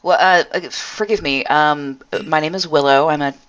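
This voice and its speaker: A woman at a tabletop game speaks in a hesitant, polite manner as her character. Her voice is very low for a woman. The sound is dull and lo-fi. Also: normal speed, a bit bright, smooth. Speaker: player. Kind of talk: casual tabletop play.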